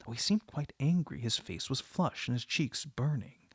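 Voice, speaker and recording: A man narrating a classic novel as an audiobook in a measured, dramatic manner. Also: mid-range voice, husky, dry recording, studio quality. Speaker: audiobook reader.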